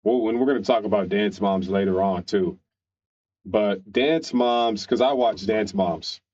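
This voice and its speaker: A man's voice: fairly low pitch, a little slow, a little mellow, lo-fi sound. Crude, opinionated man ranting. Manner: opinionated, crude, rambling with restarts. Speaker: streamer. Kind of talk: casual rant on a stream.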